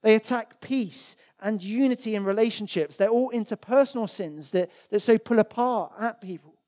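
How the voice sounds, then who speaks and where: A medium-pitched preacher speaks at a moderate pace during a church sermon, his voice mellow and darker in tone. He reads Bible verses aloud and repeats words with earnest emphasis to drive his points home.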